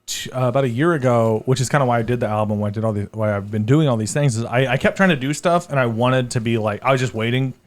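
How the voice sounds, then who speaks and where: A man guesting as a comedian on a casual podcast chat, rambling and self-deprecating, halting with many fillers. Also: mid-range voice.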